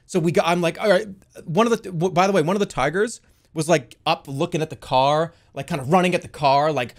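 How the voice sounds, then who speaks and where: A young man telling a wild story to his stream in a casual, animated way, swearing freely. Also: fairly high pitch, brisk. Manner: animated, swears a lot, yells in the quoted bits.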